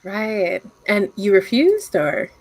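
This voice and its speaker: Lively woman game master. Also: mid-range voice, dry recording. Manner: lively, quick to laugh. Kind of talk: narrating a tabletop game.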